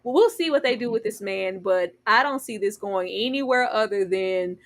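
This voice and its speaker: A woman co-hosting a casual TV recap chat, animated and sassy, often acting out characters' lines. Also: mid-range voice, normal speed. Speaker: podcast co-host.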